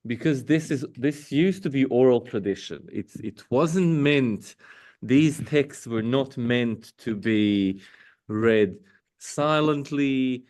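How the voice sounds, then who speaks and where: Man, non-native English accent, Bible study leader, halting speech, mid-pitched voice. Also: darkish tone. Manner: halting, with many fillers and self-corrections. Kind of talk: casual Bible study teaching and scripture reading. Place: parish meeting room.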